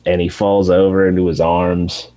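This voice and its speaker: A man's voice: low voice, normal speed, poor audio. A man in casual chat, animatedly retelling a TV show's ending and swearing freely. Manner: animated storytelling with profanity, acting out characters in raised voices.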